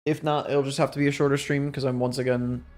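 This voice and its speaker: A man's voice: mid-range voice, flat delivery, fast talker. A young man streaming a video game, sounding exhausted and talking in a rambling, self-deprecating way. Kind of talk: casual gameplay commentary.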